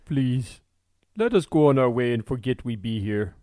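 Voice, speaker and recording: A man's voice: mid-range voice, expressive, normal speed, dark tone, no room sound, studio quality, natural voice. A man voicing a nervous pleading runaway.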